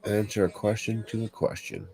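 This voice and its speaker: A man hosting a casual livestream, relaxed and chatty, reading viewer comments aloud and answering them. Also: on the low side, normal speed, gravelly. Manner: laid-back, reads viewer chat aloud. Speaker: livestream host.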